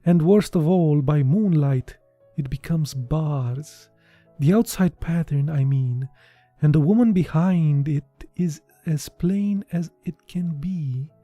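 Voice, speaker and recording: Romanian man, romanian accent, deep mellow voice, slow reading, dry close sound, faint music behind. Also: dry recording. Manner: slow, deliberate reading that breaks off into laughing chat. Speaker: reader of a short story. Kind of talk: unpolished reading aloud with chatty asides.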